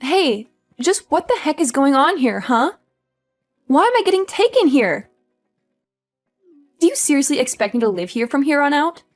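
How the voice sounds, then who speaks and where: A woman's voice: high-pitched, big pitch swings, normal speed, long pauses, soft background music. A woman voicing a spoiled, entitled sister-in-law who taunts with mocking laughs, in a dramatized story. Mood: indignant. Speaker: voice actor.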